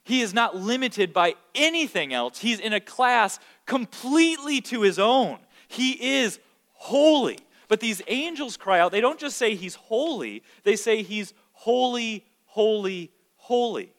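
A man preaching a sermon, emphatic and swinging between hushed and loud passages. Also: high-pitched, expressive, a little slow. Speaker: pastor.

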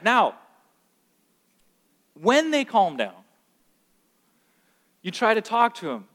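High-voiced preacher in a reverberant hall. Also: male voice, moderate pace, long pauses. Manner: animated, acts out quoted voices of complaining children. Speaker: pastor. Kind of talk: sermon. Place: church sanctuary. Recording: long reverb of a large hall.

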